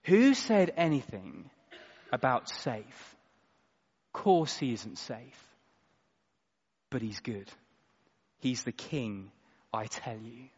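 A man voicing an earnest male talking beaver from a storybook, low and emphatic, in an echoey hall. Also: lively intonation, very slow, long pauses, a little mellow, breathy edge, exaggerated voice. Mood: insistent. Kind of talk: read-aloud storybook quote in a sermon. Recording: echoey hall, slightly dull sound.

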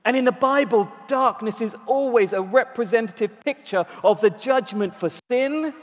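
A man delivers a sermon with a notably high voice. He leans on key words, slowing down and repeating them for emphasis. His voice carries a long reverb, as if spoken in a large church hall. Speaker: preacher.

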